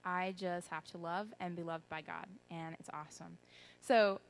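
A woman's voice: lowish voice, steady tone, normal speed, creaky, a little hiss or hum, rough recording. A young woman giving an earnest, rambling personal testimony at a church gathering, full of ums and restarts. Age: young adult.

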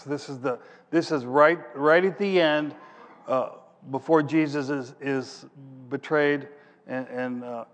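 A medium-pitched male preacher reads scripture, explains it plainly, and searches aloud for passages while he thinks. The highs are cut off, and a large hall adds long reverb.

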